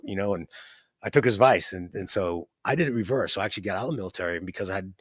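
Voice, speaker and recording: A fast-talking man in his fifties with a low-sitting, fairly bright voice is recorded at studio quality with no room sound. He's an entrepreneur guest telling his life story in a loose, conversational ramble, peppered with fillers, restarts, and "right?"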